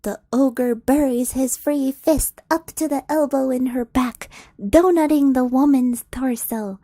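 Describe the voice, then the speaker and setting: A young woman streamer reading a fan story aloud, softly and often whispered, with giggly asides, on a close mic. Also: high-pitched, measured pace, no echo.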